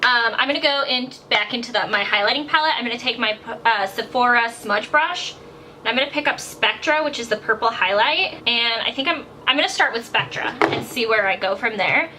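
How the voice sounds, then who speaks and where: A beauty vlogger, a young woman with a fairly high voice, talks fairly quickly through a makeup tutorial voiceover recorded in her bathroom at home. She gushes and rambles, leaning heavily on "like," over faint fan hiss from the bathroom fan.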